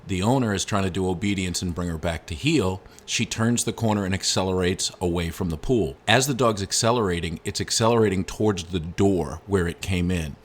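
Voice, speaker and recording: A middle-aged man, a dog trainer, giving a casual lesson and telling lively stories from his own life. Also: deep voice, brisk, few pauses. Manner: storytelling with lively anecdotes. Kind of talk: casual instructional talk.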